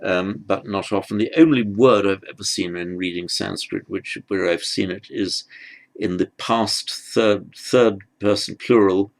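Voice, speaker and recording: A man teaching script letters, talking haltingly as he writes and repeating words as he goes. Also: low voice. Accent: British. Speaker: language teacher. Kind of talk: handwriting lesson.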